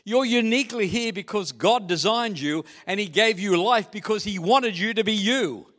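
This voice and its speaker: A man's voice: high-pitched, normal speed, a bit bright. A man preaching a sermon as pastor, chatty and joking with the congregation. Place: church hall. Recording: echoey church hall.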